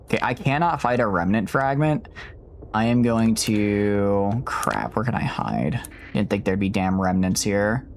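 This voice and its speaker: A man streaming a space strategy game, reading its story text aloud and chatting in a casual, self-mocking way with quick restarts. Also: fairly low pitch, expressive, a little hiss or hum.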